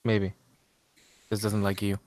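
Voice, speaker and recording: Deadpan college-age guy co-hosting. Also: on the low side, takes it slowly, no echo, clean studio sound. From Pacific US. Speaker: podcast co-host. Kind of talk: casual podcast chat.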